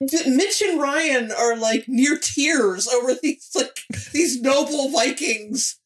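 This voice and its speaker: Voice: high-pitched, slow pace. A podcast co-host in casual chat who stumbles and repeats words while making a point.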